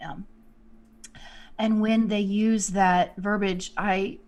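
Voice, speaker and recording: A woman's voice: mid-range voice, level tone, slow, a little mellow. Rambling woman medium in casual talk. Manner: rambling, heavy use of "you know". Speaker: guest psychic medium.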